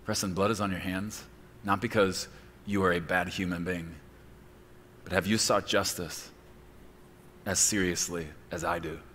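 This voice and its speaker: A man preaching a sermon as pastor, with emphatic delivery that bursts into shouted key words. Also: low-pitched, steady tone, unhurried, long pauses, long reverb tail, a little hiss or hum.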